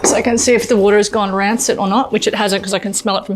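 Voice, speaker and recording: A cooking show host, this Australian woman demonstrates a casual recipe at home in a fast, mid-range voice with fairly even intonation and few pauses. She's chatty and upbeat, often exclaiming, over background music.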